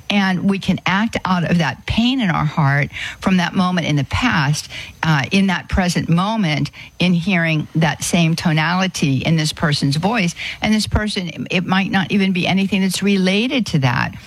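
A man giving an earnest Christian talk on inner healing, halting often with fillers and restarts. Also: high voice, a bit bright, no room sound. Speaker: Christian speaker.

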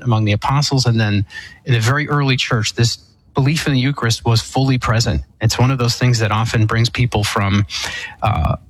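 Husky-voiced priest explaining theology. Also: male voice, mid-range voice, rough recording. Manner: measured, thoughtful, with frequent fillers and restarts. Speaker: Eastern Catholic priest. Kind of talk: explaining theology on a call-in show.

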